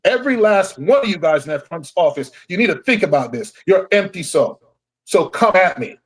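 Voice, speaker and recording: Man, middle-aged, angry rant, swearing, emphatic, tired, slightly higher voice. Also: sing-song, brisk, breathy edge. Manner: heated, profane, emphatic. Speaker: guest.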